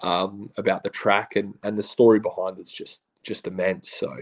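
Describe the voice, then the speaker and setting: A man's voice: lowish voice, normal speed. A man with an Australian accent, a podcast guest telling stories in casual, slangy chat and acting out what others said. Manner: animated, slangy, acts out quotes of others. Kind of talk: casual storytelling.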